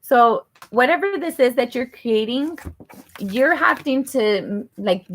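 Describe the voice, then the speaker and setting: Gravelly-voiced woman reading tarot. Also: mid-range voice. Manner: rambling, full of "like" and restarts. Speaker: tarot reader. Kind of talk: casual personal tarot reading. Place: her apartment.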